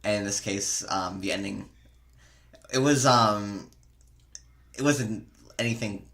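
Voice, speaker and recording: A man's voice: on the low side, slow, a bit bright. A man giving a casual movie review, hesitant and full of fillers. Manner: hesitant, lots of ums and likes.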